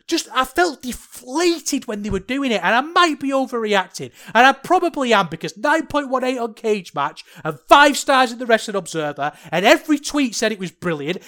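A man hosting a solo podcast, talking in an animated, ranting way that swings from worked-up to sheepish. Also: very high-pitched, a little fast, few pauses. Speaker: podcast host.

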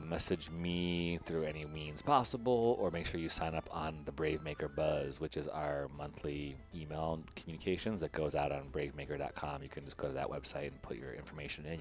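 A man hosting a podcast in a casual, joking, rambling way, often laughing. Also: a bass voice. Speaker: podcast host. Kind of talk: casual chat and interview.

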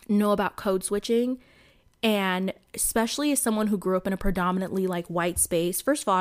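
A woman hosting her own podcast in casual solo chat, talking to listeners with a Midwestern accent touched by a Southern country twang, chatty and full of fillers. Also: medium pitch. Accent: Midwestern with a little Southern country twang. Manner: chatty, addresses listeners as y'all, many fillers. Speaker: podcast host.

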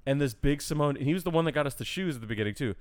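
Smooth-voiced profane young man storytelling. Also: a little high, expressive, rapid-fire, dry recording. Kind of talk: casual storytelling chat.

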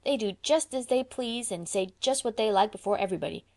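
A woman's voice: on the high side, fairly quick, darkish tone, lightly acted. Woman reading as a defiant little boy. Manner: boastful then sulky. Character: defiant, sulky young boy.

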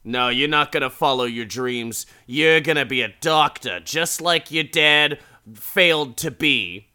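A domineering mother, as a man puts her on who snaps and scolds at full volume. Her tone is bright and cutting. She is all bark and no patience. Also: fairly high pitch, unhurried, clear, resonant tone. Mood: scolding. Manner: snapping, loud scolding. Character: harsh domineering mother, bossy and yelling.

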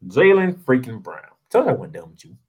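A man's voice: mid-range voice, wildly swooping pitch, a little fast, husky, highs cut off. A man hosting a sports show, delivering a heated, sarcastic basketball rant full of rhetorical questions in informal, slangy speech.

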